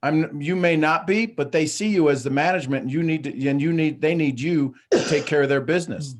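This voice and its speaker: A man hosting an online coaching call, talking in a direct, animated way and laughing often. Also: a little high, brisk. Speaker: host of a live coaching call. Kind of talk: casual coaching talk.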